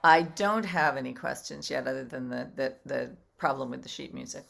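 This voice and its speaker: Gravelly woman on a video call. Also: a bass voice, steady tone, moderate pace, fairly bright tone.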